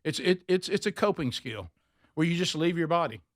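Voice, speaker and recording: Male talk host, high voice, dry close sound, animated storyteller who mimics others. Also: fairly quick, dry recording. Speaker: radio show host. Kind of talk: storytelling on a morning show.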